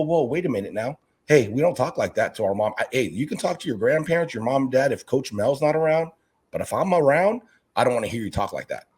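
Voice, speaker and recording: Speaking at a medium pitch with a breathy edge, the man who coaches youth basketball and makes aquarium videos chats in an interview. He's from Northern California and brings his stories to life by performing the voices he quotes.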